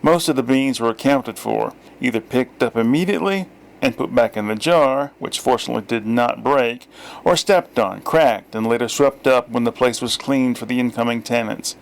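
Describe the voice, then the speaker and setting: Middle-aged man, deadpan story reader, medium pitch. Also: moderate pace, creaky. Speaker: author reading his story. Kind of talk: first-person story reading.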